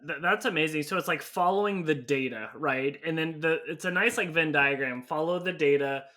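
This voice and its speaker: A man's voice: on the high side, a little fast, sharp tone. A man hosting a podcast interview, asking questions loosely with many fillers. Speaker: podcast host, growth marketing agency owner. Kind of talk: conversational interview.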